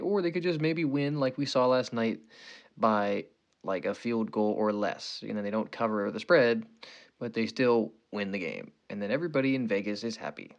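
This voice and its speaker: On his sports betting show, a young man with a mid-range voice gives picks while joking around, rambling, and casually swearing. He keeps tacking "okay" and "you know" onto his lines.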